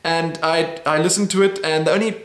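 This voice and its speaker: A man's voice: a little high, steady tone, fairly bright tone, soft background music. Playful man in an echoey room. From South Africa. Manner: playful, laughing, sounding out foreign words slowly. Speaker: YouTube host. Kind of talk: casual Q&A chat.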